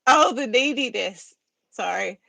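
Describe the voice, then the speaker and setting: East Texas woman, slightly high voice. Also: expressive, a little slow, gravelly, sharp tone, dry recording. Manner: laughs often, explains rules plainly. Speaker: poetry society co-host. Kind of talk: casual live-stream chat.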